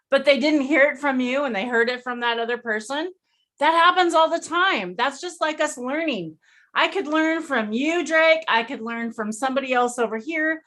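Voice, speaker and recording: Bright high-voiced woman hosting a stream. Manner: chatty, lots of fillers, enthusiastic. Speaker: host. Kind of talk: casual live-stream chat. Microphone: video call.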